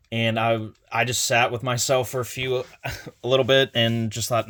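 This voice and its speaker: A man's voice: mid-range voice, fairly even intonation, moderate pace, fairly bright tone. A young man casually retelling a convention visit, rambling with fillers and restarts as he quotes conversations. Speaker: collector vlogger. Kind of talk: casual convention haul recap.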